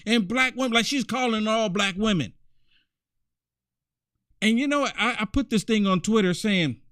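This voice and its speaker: A man's voice: high voice, a bit bright, dry recording, studio quality. A man hosting a commentary show, talking in a mocking, repetitive way. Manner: mocking, repetitive, many "I mean"s. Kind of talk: political commentary monologue.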